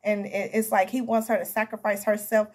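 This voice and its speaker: Female tarot reader, mid-pitched and a little husky; casual, emphatic, talks straight to her viewers. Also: level tone, a little fast. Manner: chatty, talks to viewers as "honey" and "baby"; emphatic, repeats herself. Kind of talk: casual tarot reading to camera.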